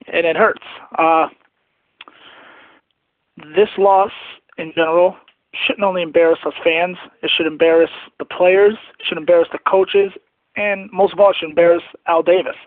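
A man's voice: on the high side, fairly even intonation, moderate pace, pauses often, no echo. A man in his twenties leaving an angry, disgusted voicemail about his team's loss. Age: 20s. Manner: angry, disgusted fan venting. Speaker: caller. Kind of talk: voicemail rant. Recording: tinny phone line, dry.

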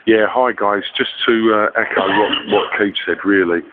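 A man adds his thanks with hesitant pauses. His voice is very deep and flat, and it comes through a tinny phone line with faint hiss. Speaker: fan correspondent. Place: airport.

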